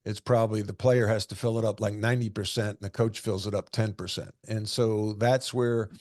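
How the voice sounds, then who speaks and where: Mellow-voiced man in his sixties telling stories. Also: lowish voice, fairly even intonation, fairly quick, no room sound, clean studio sound. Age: 60s. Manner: anecdotal, earnest, repeats himself for emphasis. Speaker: former basketball coach and guest. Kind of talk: storytelling interview answers.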